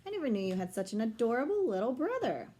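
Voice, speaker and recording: A woman's voice: fairly high pitch, very animated, quick pace, mellow, a little hiss or hum, voice pushed up. A woman voicing an eager, friendly schoolgirl.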